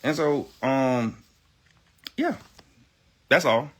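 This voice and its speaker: A man's voice: medium pitch, animated, very slow. A man ranting on a livestream, emphatic, profane and defiant, hammering his points by repeating phrases. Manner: defiant, self-assured. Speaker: livestream guest. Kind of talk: heated livestream rant.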